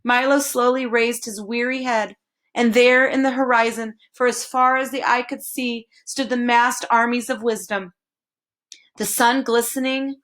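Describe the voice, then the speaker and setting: A woman reading a children's novel aloud, expressive and slowing down on dramatic phrases. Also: fairly high pitch. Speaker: storybook reader.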